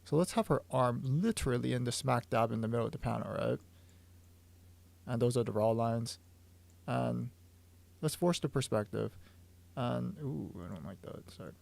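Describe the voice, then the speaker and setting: A man working as a manga artist who thinks aloud while drawing on a stream, eager and full of stumbling restarts, hoarse from losing his voice. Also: mid-range voice, moderate pace, pauses often, a little mellow. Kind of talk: livestream drawing explanation.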